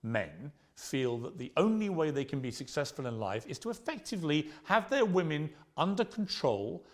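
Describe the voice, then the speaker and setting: A man in his fifties pushes hard as an interviewer, cutting in and insisting on finishing his point. His pitch leaps and falls with emphasis, sitting slightly above the usual male range. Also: sing-song, normal speed. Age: 50s. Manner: interrupting, pressing, argumentative. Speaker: host. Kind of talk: confrontational interview.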